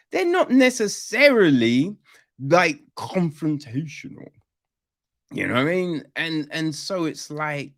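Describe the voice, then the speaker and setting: A man reviewing a film on a podcast in casual chat, rambling and swearing freely as he picks it apart. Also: a little high.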